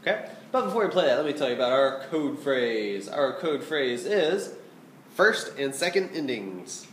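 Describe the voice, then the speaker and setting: A man's voice: medium pitch, very animated, normal speed, fairly bright tone. A man teaching flute, his voice rising and falling animatedly as he patiently walks his students through the music and keeps checking that they follow. He is recorded in a roomy, echoing space with a faint hum of ambience behind him. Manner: patient, explanatory, checks in with "okay?". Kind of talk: music lesson instruction.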